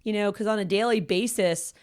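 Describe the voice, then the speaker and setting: A woman's voice: medium pitch, a little fast, smooth. A middle-aged woman with a mid-range voice speaks casually and chattily as a podcast co-host. She adds frequent affirmations as she talks. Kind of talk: casual conversational talk.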